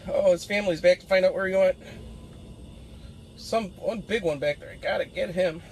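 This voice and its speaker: High-voiced man joking with the fish. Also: moderate pace, vocal fry, long pauses, breathy edge. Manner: talks teasingly to the fish, animated. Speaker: ice fishing vlogger. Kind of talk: playful live fishing commentary. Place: outdoors on a frozen public pond.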